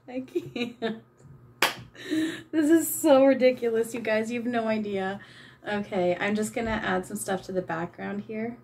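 A woman's voice: fairly high pitch, steady tone, unhurried, a little mellow, a little hiss or hum. A woman chatting casually while she paints, self-mocking and embarrassed, giggling and swearing freely. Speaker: channeler and vlogger.

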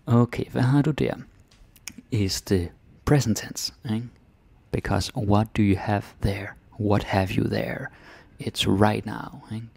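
Gravelly Danish teacher explaining grammar. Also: male voice, lowish voice, steady tone, slow pace, a little mellow, no echo. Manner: chatty, adds "ikke?" tags, drops to whispers.

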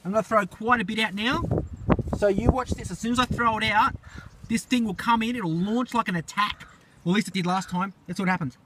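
A man giving excitable running commentary on camera while feeding birds outdoors, often exclaiming and repeating himself. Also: sits high, brisk. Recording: noisy outdoor recording with birds.

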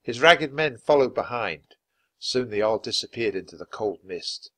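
A man reading a children's storybook aloud for English learners in a clear, steady, measured way. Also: medium pitch. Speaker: storybook reader.

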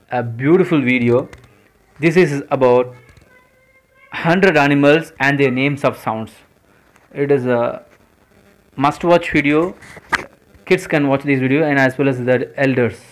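A man hosting his own channel, reading a list of animals and their sounds one by one, slowly and deliberately. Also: mid-range voice, poor audio. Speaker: channel host. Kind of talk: educational word list reading.

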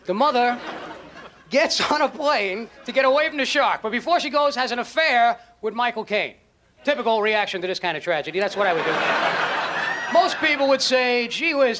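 A man doing a stand-up comedy routine on stage, incredulous and mocking, acting out voices, with loud audience laughter behind him. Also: high voice. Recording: live show with loud crowd and noise.

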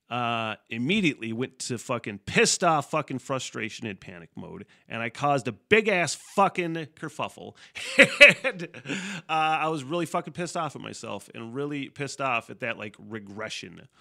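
A man's voice: mid-range voice, gravelly, pushed and bright. A man hosting a casual solo podcast, rambling and swearing freely, often laughing mid-sentence. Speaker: podcast host.

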